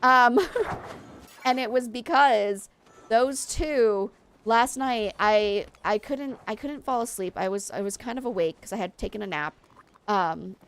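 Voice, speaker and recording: A woman's voice: fairly high pitch, a little hiss or hum. Tired, chatty woman game streamer. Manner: rambling and chatty, with frequent fillers. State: tired and sleep-deprived. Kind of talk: casual chat while streaming gameplay.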